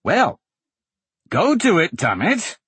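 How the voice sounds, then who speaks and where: Guy doing a brash teasing swordsman, bouncy pitch, dry sound. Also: huge pitch swings, takes it slowly, a bit bright, husky, no room sound, exaggerated voice. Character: brash restless young swordsman, joking and impatient.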